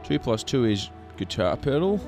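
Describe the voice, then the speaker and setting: A man's voice: medium pitch, sing-song, normal speed, darkish tone, faint music behind. A man co-hosting a radio show in a studio, rambling in a self-mocking way and laughing often. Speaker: radio drive-time co-host. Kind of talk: playful radio banter.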